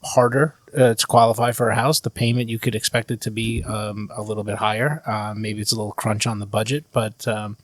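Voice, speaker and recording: A man, a mortgage professional guest, explaining the housing market in a measured way on a podcast. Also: on the low side, flat delivery.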